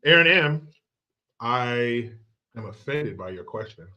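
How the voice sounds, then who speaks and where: A man's voice: mid-range voice, expressive, slow, pushed and bright, lo-fi sound. A man hosting a livestream, talking casually and profanely and laughing often. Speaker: livestream host.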